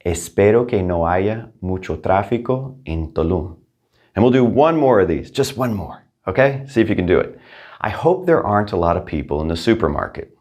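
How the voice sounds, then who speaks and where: Male language teacher, deep voice, upbeat, clear repetition drills. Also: darkish tone. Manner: upbeat, repeats each practice sentence twice. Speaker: Spanish teacher. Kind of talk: language lesson.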